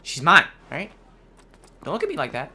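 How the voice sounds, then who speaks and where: A man's voice: a little high, huge pitch swings, normal speed, bright, forceful tone, a little hiss or hum. A man giving casual, playful gameplay commentary, swearing and joking as he talks to the creatures on screen. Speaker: let's play gamer. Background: game music.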